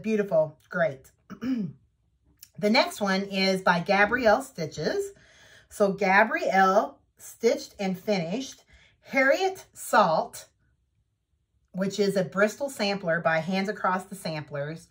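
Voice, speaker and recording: A woman vlogger in casual show-and-tell chat, talking at an unhurried, easy pace. She sounds eager and chatty, with a middling pitch. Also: expressive, fairly bright tone. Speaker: needlework vlogger.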